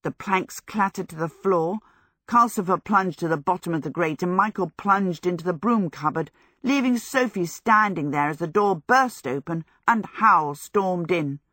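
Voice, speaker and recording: A woman with a somewhat low voice reads an audiobook in steady, evenly paced storytelling. There's no room sound, and the quality is that of a studio.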